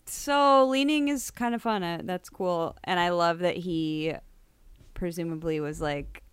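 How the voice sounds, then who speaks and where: A woman's voice: lowish voice, unhurried, clean tone. A woman co-hosting a podcast, playful and silly in casual banter. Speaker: podcast co-host. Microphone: podcast microphone.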